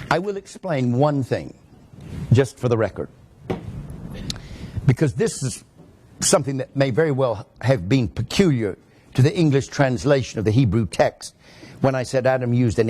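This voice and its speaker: A sounding pastor explains grammar to his congregation one step at a time. His voice swings widely in pitch as he stresses each point, and it sits at an ordinary middle height for a man. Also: dark tone, a little hiss or hum. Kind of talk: teaching sermon.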